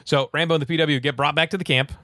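A man's voice: fairly high pitch, very fast, no room sound, studio quality. Rambling man retelling a movie plot. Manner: rambling, animated, full of "you know" and "like".

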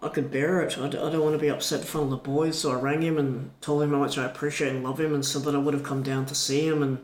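A man retelling a story in a casual chat, animated and full of restarts. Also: a little high, quick pace. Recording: echoey room.

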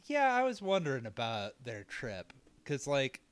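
A man co-hosting a casual podcast, recapping a film's plot with jokes and quick comic impressions of the characters. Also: medium pitch, wildly swooping pitch, clean tone. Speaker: podcast co-host. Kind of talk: casual movie recap banter.

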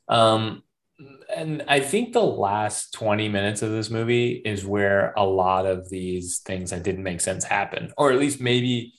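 A man with a fairly low voice co-hosting a laid-back movie podcast. He recaps scenes in a relaxed, conversational way, laughing along with his co-host. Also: a little slow. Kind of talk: casual movie discussion.

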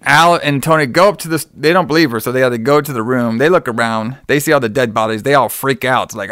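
A man in loose, casual conversation walks through a movie plot, swearing freely and slipping into the characters' voices. His voice sits at an ordinary middle pitch. The sound is dry and close. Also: a little fast, fairly bright tone, clean tone, dry recording. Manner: profane, rambling, acts out characters' lines. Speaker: podcast co-host recapping a movie. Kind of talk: casual chat.

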